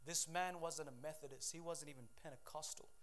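A man preaching a sermon in a fairly high voice. He builds to loud, ringing declarations, then drops almost to a hush when telling a personal story or praying. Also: fairly even intonation, brisk. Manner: swings from loud preaching to hushed, quiet telling. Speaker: pastor.

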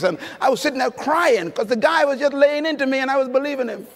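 This preacher's extremely high, a bit bright voice moves at a quick pace with few pauses as he delivers an emphatic conference sermon, telling stories and questioning his audience. The recording carries the long reverb of a large hall.

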